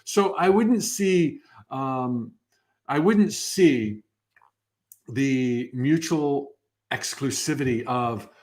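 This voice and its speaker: A man's voice: mid-range voice, drawn-out words, a little mellow. A man in his fifties hosting a live motivational workshop, upbeat and enthusiastic, often restarting his phrases. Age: 50s.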